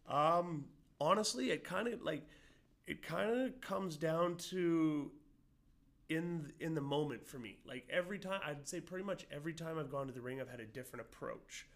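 A man's voice: fairly high pitch, moderate pace, fairly bright tone. A man, an amateur boxer giving casual interview answers, full of fillers and restarts. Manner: rambling, many fillers and restarts.

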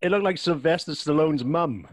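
A man's voice: on the high side, moderate pace, dry recording. A man joking and laughing as a guest in casual podcast banter.

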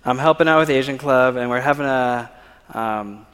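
A man's voice: mid-range voice, moderate pace, a bit bright, smooth. Man telling a story in a reverberant hall. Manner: storytelling, often checks in with "okay?". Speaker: church speaker. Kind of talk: personal testimony talk. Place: church sanctuary. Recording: long reverb of a large hall.

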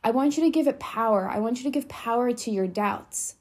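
A woman's voice: on the high side, lively intonation, fairly quick, darkish tone. A young adult woman hosting a motivational solo podcast, talking bluntly and swearing freely for emphasis. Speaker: podcast host.

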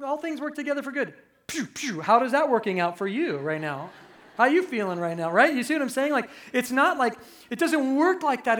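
A man preaching a conversational, animated sermon as pastor, acting out quick voices for humor. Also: very high-pitched.

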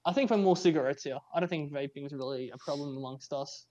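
A man's voice: on the high side, fast, warm tone. A young Australian man co-hosting a podcast, chatting casually, joking and rambling along. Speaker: podcast co-host. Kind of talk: casual chat. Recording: dull lo-fi sound.

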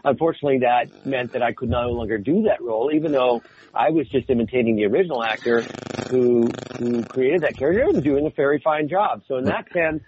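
Male American voice actor, animated interview storyteller, mid pitch, faintly noisy lo-fi recording. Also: fairly quick. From United States. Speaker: voice actor guest. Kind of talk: casual interview chat.

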